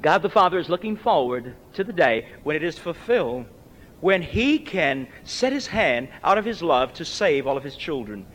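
At a moderate pace, a man preaches a dramatic, emphatic sermon with big pitch swings, his voice surging and dropping in loudness too. The recording is lo-fi, with long reverb from the hall.

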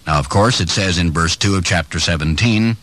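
A man preaching on the radio, reading scripture aloud and expounding it with emphatic delivery, his pitch swinging up and down and his pace slowing on key phrases. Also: a bit bright. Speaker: radio Bible teacher.

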